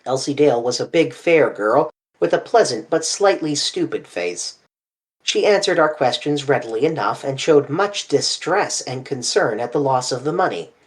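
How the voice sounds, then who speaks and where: A reader narrating a classic mystery novel in an animated, expressive audiobook style. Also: medium pitch, normal speed.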